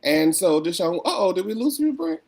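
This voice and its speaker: A woman's voice: medium pitch, normal speed, vocal fry, husky. A woman co-hosting a casual podcast conversation, telling stories emphatically over a video call. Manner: emphatic, animated storyteller.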